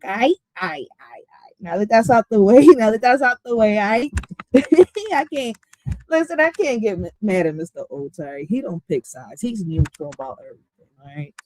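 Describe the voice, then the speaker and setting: Animated, laughing woman streamer. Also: on the high side, moderate pace, poor audio. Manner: animated, laughing, slangy, swings between loud and quiet. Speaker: livestream host. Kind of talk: casual livestream talk.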